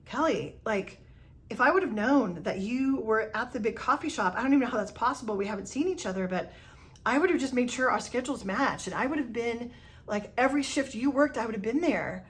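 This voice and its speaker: A woman's voice: fairly high pitch, lively intonation, brisk, lightly acted. A woman quoting a male coworker who gushes with earnest, insistent praise. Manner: gushing, insistent.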